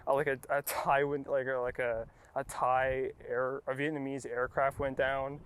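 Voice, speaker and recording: A man's voice: medium pitch, little pitch movement, a little slow, a bit bright, clear, resonant tone, poor audio. A young man casually recapping a movie, rambling and dismissive, with lots of fillers and swearing. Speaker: podcast host.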